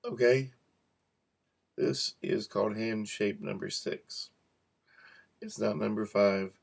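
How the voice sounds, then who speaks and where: Slow, gravelly male instructor. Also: on the low side, steady tone. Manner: repeats practice words slowly, jokes softly. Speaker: cueing instructor. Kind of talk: relaxed teaching to camera.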